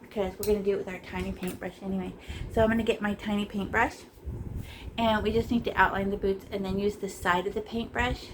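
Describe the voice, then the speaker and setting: A woman's voice: mid-range voice, steady tone, fast talker, background noise. A woman teaching a casual painting lesson, playful and chatty, tossing in silly sound effects as she works in a small art room.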